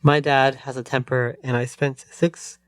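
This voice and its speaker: A man co-hosting a podcast, reading a story aloud in a plain, steady way. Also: mid-range voice, measured pace, smooth, dry recording. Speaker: podcast co-host.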